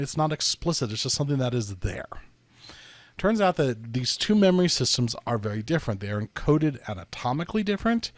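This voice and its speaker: A man's voice: mid-range voice, dry recording. Man lecturing in a dry close sound. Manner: explanatory, checks in with "right?". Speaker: psychology lecturer. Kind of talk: lecture with storytelling.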